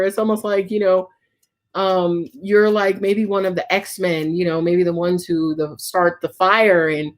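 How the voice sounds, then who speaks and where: A woman's voice: fairly low pitch, level tone, a little slow. A woman giving a casual live tarot reading, chatty and full of filler words and swearing. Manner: casual, chatty, swears often, frequent "right?" and "um". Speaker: tarot reader.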